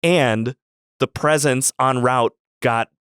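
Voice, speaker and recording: A man telling a long childhood story on a podcast in a rambling, halting way, full of "like" fillers. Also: medium pitch, a bit bright, clear, resonant tone, no room sound, studio quality. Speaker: guest storyteller.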